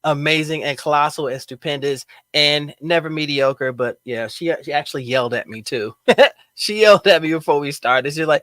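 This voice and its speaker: A man's voice: fairly high pitch, brisk, fairly bright tone, dry recording. A man hosting a casual live stream chat show, hyped, joking and playful with his audience and guest. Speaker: livestream host.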